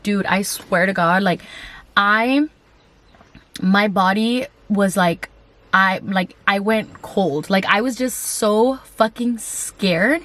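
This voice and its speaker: A woman tells a creepy personal story to her camera in a loose, casual vlog. She is chatty and animated, packing her speech with fillers and curse words while she addresses viewers directly. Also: medium pitch, slow. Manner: chatty, heavy on "like" fillers and swearing; animated, talks straight to viewers. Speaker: YouTuber telling a story.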